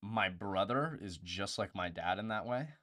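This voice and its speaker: A man's voice: low-pitched, moderate pace, bright, forceful tone, no echo, clean studio sound. A young man hosting a live stream in casual chat, blunt and profane, with lots of "bro" and "dude".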